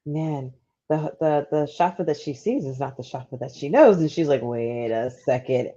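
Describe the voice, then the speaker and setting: A woman's voice: deep voice, lively intonation, normal speed, dark tone. Rambling woman on dull lo-fi audio. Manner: rambling, full of "like" and restarts. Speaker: book club podcast co-host. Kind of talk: casual chat.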